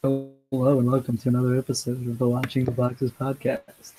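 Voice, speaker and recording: A man's voice: medium pitch, monotone, a little fast, over music, natural voice, rough recording. A man voicing a stiff male TV news anchor with a formal announcer delivery. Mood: announcing.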